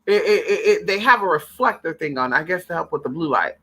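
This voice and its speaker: Animated, bright-voiced vlogger ranting. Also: mid-range voice, brisk, husky. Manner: animated, profane, talks to own dogs between remarks. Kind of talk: casual rant to camera.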